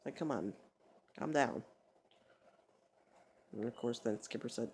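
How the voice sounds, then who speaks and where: A man telling a rambling story to his vlog audience, his voice sitting at an ordinary middle pitch. He swears constantly, trips over his own words and starts his sentences over. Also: a little slow, creaky, long pauses, slightly rough. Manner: profane, rambling, stumbling restarts. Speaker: vlogger.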